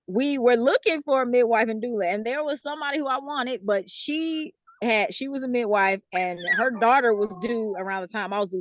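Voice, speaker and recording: A woman's voice: a little high, dry recording. Chatty Southern woman, dry close sound. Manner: chatty, laughs often, explains with many fillers. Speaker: guest author. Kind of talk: casual interview answers.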